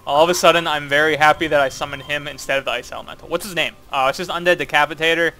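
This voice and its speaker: A man's voice: on the high side, steady tone, racing, pushed and bright. A man chatting casually while playing a co-op game, rambling playfully with lots of fillers. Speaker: co-op gameplay commentator. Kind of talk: casual gaming chat.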